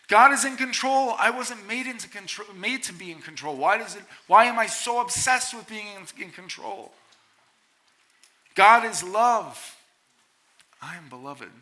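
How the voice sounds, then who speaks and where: A middle-aged man delivers a sermon to college students with a very bright, forceful edge in his voice. His pitch sits a little high. He talks in an animated, playful way and swings from hushed lines to loud ones. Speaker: conference speaker. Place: large conference hall.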